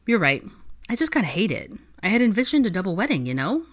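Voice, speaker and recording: A woman's voice: mid-range voice, very animated, quick pace, pitched above the performer's own voice. Woman doing a teasing, gossipy young student. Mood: chatty. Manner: pushy, playful teasing.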